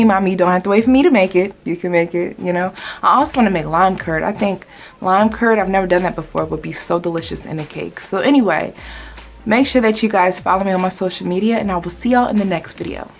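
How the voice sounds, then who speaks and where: A woman talks through a baking recipe in her home kitchen, chatty and explaining every step as she works. Her voice sits at a middle pitch, with faint music playing behind her. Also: fast. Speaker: baking channel host. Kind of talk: casual cooking tutorial.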